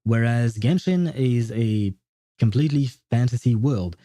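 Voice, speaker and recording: Male streamer, deep dark tone, dry close sound, loose hesitant chat with chuckles. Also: a little slow, dry recording. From France. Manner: chuckles often, hesitant with many fillers, says "man". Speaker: livestreamer. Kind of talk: casual livestream chat answering viewers.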